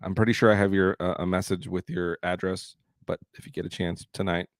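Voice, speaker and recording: A man's voice: sits low, steady tone, fairly quick, dry recording, clean studio sound. A man hosting a live stream in casual chat, joking and teasing his co-host.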